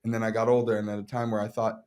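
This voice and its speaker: A young man, an actor, telling his story on a casual podcast in a profane, animated way with many restarts. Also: lowish voice, rapid-fire. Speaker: actor guest.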